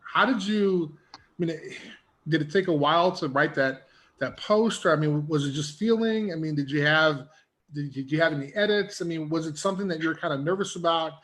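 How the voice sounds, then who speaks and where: Podcast host guy, higher pitch, asks stuff slowly with lots of um and i mean. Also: fairly bright tone. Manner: hesitant, filler-heavy questions. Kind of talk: casual podcast interview.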